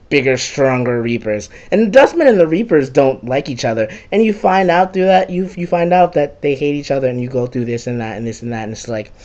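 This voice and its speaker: A young man giving a casual, profane and sarcastic rant recapping a video game. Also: mid-range voice.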